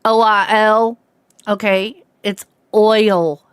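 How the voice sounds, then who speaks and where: A woman in her fifties with a faint Southern twang, hard of hearing, chatting loosely and laughing easily as she streams a game. Her voice is smooth and clear, in the middle of the range, recorded close and dry with no room sound. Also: medium pitch, level tone, very slow, no room sound. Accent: slight Southern American. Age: 50s. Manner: chatty, rambling, laughs easily, greets viewers by name. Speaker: livestream host. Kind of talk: casual chat with viewers while streaming a game.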